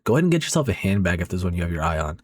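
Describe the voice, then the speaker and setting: A man's voice: low-pitched, big pitch swings, racing, a little hiss or hum. A man voicing a careless, dismissive young husband in a horror comic, talking offhandedly. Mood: offhand.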